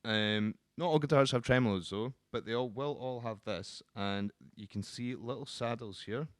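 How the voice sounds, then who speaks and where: A man who works as a guitar teacher, explaining the instrument in a relaxed, casual way with frequent ums and restarts. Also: mid-range voice, moderate pace, dry recording, studio quality.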